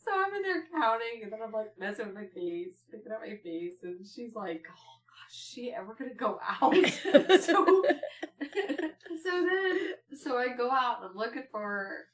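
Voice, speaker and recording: A woman's voice: normal speed, distant mic. A woman co-hosting a podcast, telling family stories in casual chat and laughing as she goes. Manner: laughs through her stories, shifts into shrill excited quotes. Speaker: podcast co-host.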